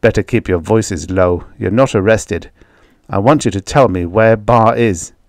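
A cool, commanding soldier, as a male narrator plays him, speaking in firm, clipped phrases. The voice sits slightly low and is recorded dry and close. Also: measured pace, dry recording. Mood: calm firm.

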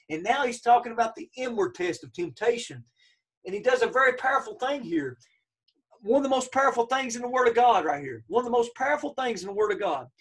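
A man's voice: high-pitched, distant mic. A man teaching a church Bible study lesson, emphatic, repeating key phrases and checking in with his listeners.

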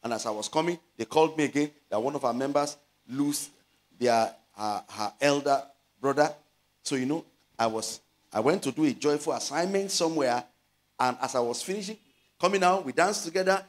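A middle-aged man with a Nigerian Yoruba accent, preaching a sermon as a pastor, stretching out scripture words and building to loud exhortations. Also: on the high side. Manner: slows to stress scripture phrases.

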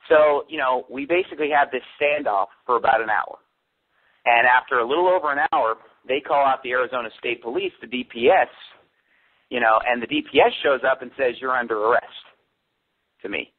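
A pastor as a radio interview guest, telling a story in an animated way and quoting the people he met. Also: a little high. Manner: animated storytelling with quoted dialogue. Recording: tinny phone line.

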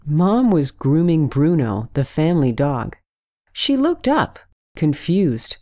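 A woman reading a children's story aloud, slow and expressive. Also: deep voice.

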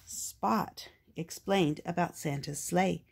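Grandma reading a picture book, gentle, lowish voice, kinda breathy. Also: female voice, expressive, measured pace. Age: older. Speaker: storyteller.

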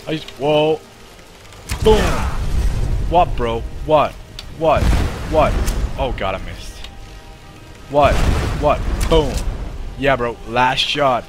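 A young man streaming a game live, swearing and reacting excitedly while chatting to his viewers. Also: medium pitch, very slow, long pauses, music in the background. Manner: excitable, swears a lot, talks to chat. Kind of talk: live gameplay commentary.

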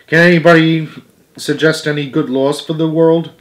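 A man reading a storybook aloud, voicing a small, earnest mouse who acts as a solemn, fair-minded teacher, in a lively, emphatic voice. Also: moderate pace, close to an everyday voice. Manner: lively, emphatic, higher and louder than his narration.

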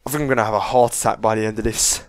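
A man's voice: on the low side, fairly even intonation, very fast, no echo. A young man commentating on a game he is playing, swearing and breaking into panicky outbursts. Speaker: gameplay commentator. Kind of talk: let's play commentary.

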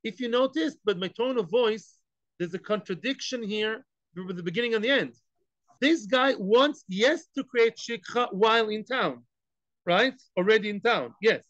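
A man teaching a daily Talmud class, animated, asking rhetorical questions and acting out the case. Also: high-pitched, normal speed, dry recording, lo-fi sound.

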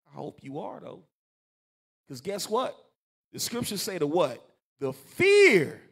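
This is a man teaching scripture to a congregation, his voice set high for a man and swinging widely up and down. He speaks, loose and colloquial. He keeps doubling his words to drive a point home. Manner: animated, colloquial, repeats words for emphasis. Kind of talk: preaching scripture class.

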